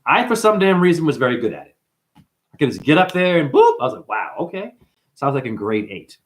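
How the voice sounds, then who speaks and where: This spiritual livestream host speaks a little high and at a quick clip. Addressing his chat with animation, he calls people honey and breaks into mantra chanting.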